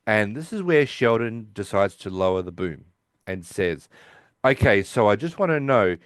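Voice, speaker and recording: A man's voice: on the low side, sing-song, moderate pace, no echo. Guy rambling thru an episode recap, acts out the lines, pretty dry sound. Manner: rambling, acts out characters' lines while retelling. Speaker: podcast co-host. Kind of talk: casual episode recap chat.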